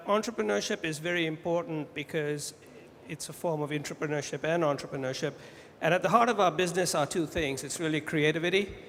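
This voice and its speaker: A man's voice: a little high, fairly bright tone. Confident man speaking on a reverberant stage. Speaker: company executive. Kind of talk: answering on stage at a ceremony. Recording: hall reverb, ambient noise.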